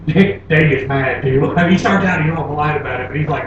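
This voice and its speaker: A man from Florida doing a stand-up comedy set, telling animated stories and laughing at his own jokes. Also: fairly high pitch, fairly quick, few pauses, highs cut off. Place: comedy club stage. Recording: very echoey club, taped from far off, noisy.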